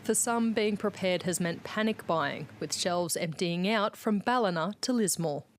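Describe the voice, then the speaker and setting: An Australian woman reporter narrating a news package in a steady voice-over. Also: mid-range voice, moderate pace, slight background noise.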